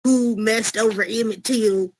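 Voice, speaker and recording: Brief: woman voicing a boastful Southern male rapper, slow drawl. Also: fairly high pitch, steady tone, no room sound, clean studio sound. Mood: mocking. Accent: Southern US put-on. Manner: drawling, playful impression.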